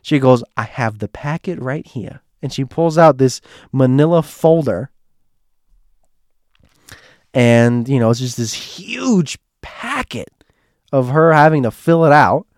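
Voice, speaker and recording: A man hosting a podcast, telling a casual anecdote in a rambling, animated way and jumping higher when he quotes himself. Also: takes it slowly, long pauses, no echo, studio quality. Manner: animated, rises in pitch when quoting himself; rambling, with many fillers. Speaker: podcast host.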